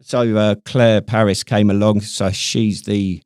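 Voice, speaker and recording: A man's voice: lowish voice, little pitch movement, unhurried, darkish tone, clear, resonant tone, dry recording, studio quality. A man from Britain co-hosting a podcast at a friend's house, chatting casually, rambling and leaning on tag questions. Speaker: podcast co-host. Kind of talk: casual chat.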